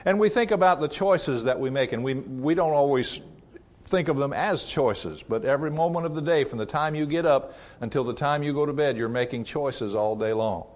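A man preaching a sermon in a conversational way, asking rhetorical questions and rising and dropping his voice for emphasis. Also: moderate pace. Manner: varies pitch and loudness widely for emphasis.

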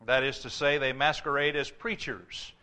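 A man preaching a sermon, emphatic, dropping low and slow for his warnings. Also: steady tone, pushed and bright. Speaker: pastor.

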